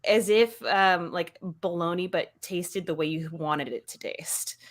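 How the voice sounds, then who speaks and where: A woman's voice: fairly low pitch, unhurried. A woman co-hosting a podcast, chatting casually and giggling often. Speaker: podcast co-host.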